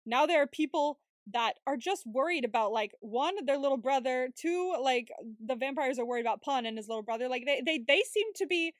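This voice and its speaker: A woman's voice: sits high, fairly quick, hardly any pauses, no room sound, clean studio sound. A woman co-hosting a podcast, chatting casually and animatedly about a series, swearing freely and acting out the characters. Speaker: podcast co-host. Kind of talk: casual recap chat.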